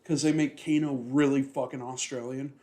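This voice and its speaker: A man's voice: mid-range voice, fairly even intonation, moderate pace, warm tone. A young man co-hosting a podcast in casual chat, rambling with lots of fillers and constant swearing. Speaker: podcast co-host.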